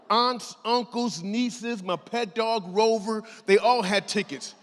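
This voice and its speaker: A middle-aged man giving a lively motivational talk on a conference stage. He tells his story with big swings in pitch and volume, acting out the other voices as he goes. His voice is fairly high for a man, and the big hall adds a long reverb. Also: takes it slowly, few pauses. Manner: animated, acts out voices, laughs often. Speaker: keynote speaker.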